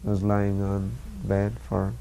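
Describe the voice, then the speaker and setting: A man earnestly recalling a time with his teacher, halting often with fillers. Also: fairly low pitch, monotone, creaky, warm tone. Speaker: disciple recalling memories. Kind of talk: spoken reminiscence. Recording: faint background hiss.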